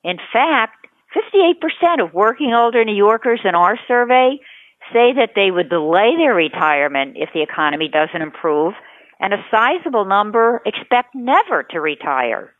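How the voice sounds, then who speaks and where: A woman, a state president of an advocacy group, giving a measured, formal statement for a news report. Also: mid-range voice, sing-song, no echo. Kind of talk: prepared statement. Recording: phone-like, narrow band.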